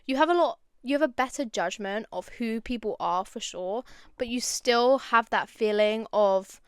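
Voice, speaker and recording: Chatty young woman, bright and clear. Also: a little high, normal speed, no room sound, clean studio sound. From London. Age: young adult. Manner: chatty and animated, going off on tangents. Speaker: podcast host. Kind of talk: casual chat.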